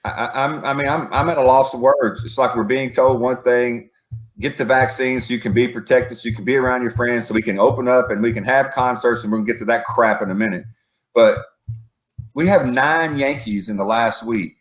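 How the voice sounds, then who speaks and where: Guy ranting on a podcast, middle pitch, roomy echo all around. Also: brisk. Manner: exasperated ranting, counts off points. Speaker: podcast co-host, coach. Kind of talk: casual chat. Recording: echoey room.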